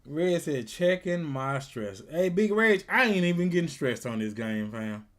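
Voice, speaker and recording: Watch-party streamer, man, high and lively voice, laid-back slow delivery, playful trash talk. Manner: animated, laughs often, slangy and teasing. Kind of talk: casual live reaction chat.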